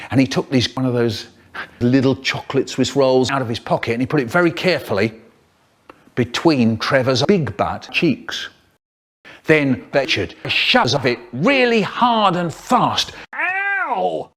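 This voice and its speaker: An older man telling a funny school story in an animated, expressive way, acting out the voices and noises. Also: unhurried. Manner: expressive, acts out voices and sounds, lively swings in pitch.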